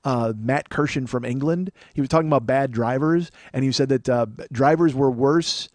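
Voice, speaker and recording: A man's voice: medium pitch, moderate pace, darkish tone, no room sound. A man in his forties from Chicago, a podcast host riffing through a sarcastic, profane comedic monologue in a small studio.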